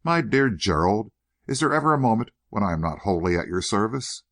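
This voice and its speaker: A smooth, purring older gentleman with a quiet scheming edge, as a man reads him, low in tone but swinging freely up and down. Every line carries polite, faintly mocking warmth. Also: big pitch swings, fairly quick, heavily acted. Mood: silky. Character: suave, silkily solicitous older gentleman schemer.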